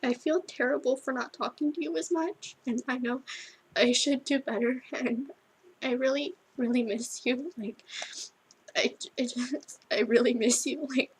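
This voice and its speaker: A teenage girl speaks through tears in a heartfelt video message, stopping and restarting with fillers. Her voice is slightly high and breathy. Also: low-quality recording. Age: teens. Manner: halting and tearful, full of restarts and fillers. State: crying. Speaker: vlogger. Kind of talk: emotional video message to a friend.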